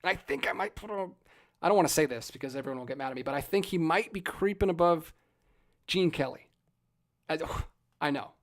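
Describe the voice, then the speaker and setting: Animated ranting livestream host, a man. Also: a little high, brisk, long pauses. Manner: animated, ranting, jokey asides. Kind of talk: casual live-stream chat.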